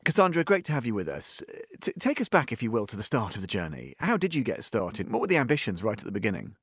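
A man's voice: lowish voice, huge pitch swings, quick pace, husky, no echo, clean studio sound. A man hosting a business interview show, reading a polished, pun-filled introduction and then asking long, rambling questions. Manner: polished, upbeat presenter with food puns. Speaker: podcast host.

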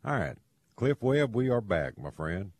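A man's voice: lowish voice, sing-song, a little slow, darkish tone. A man hosting a radio outdoors talk show with an easygoing manner and brief affirmations. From Houston, Texas.

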